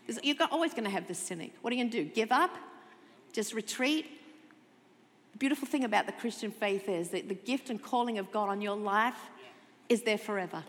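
A woman pastor preaching a sermon, expressive, moving between loud emphasis and soft, intimate tones. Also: medium pitch, fairly quick, long reverb tail. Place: church sanctuary.

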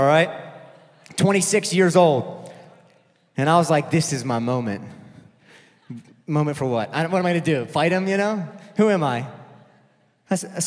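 A man in his thirties preaching with comic stories, self-mocking, moving between quiet asides and loud shouts. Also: a little high. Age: 30s. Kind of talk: sermon with comic storytelling. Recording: long reverb of a large hall.

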